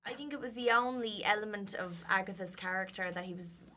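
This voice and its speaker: An actress with an Irish accent, chatting in a press junket interview and telling a story in a lively way. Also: female voice, mid-range voice, a little fast, a little hiss or hum.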